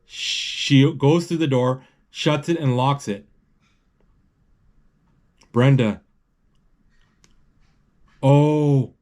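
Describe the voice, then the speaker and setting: A man giving a halting, live play-by-play of a movie as he watches it, full of restarts and self-corrections. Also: fairly high pitch, steady tone, darkish tone. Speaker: movie describer.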